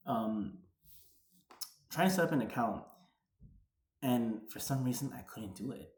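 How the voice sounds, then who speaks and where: A man's voice: mid-range voice, animated, unhurried, long pauses, darkish tone. A man in his thirties, from the New York area, telling a personal story in a chatty vlog, full of "like" and retold dialogue. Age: 30s. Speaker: vlogger. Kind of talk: casual storytelling. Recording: roomy echo.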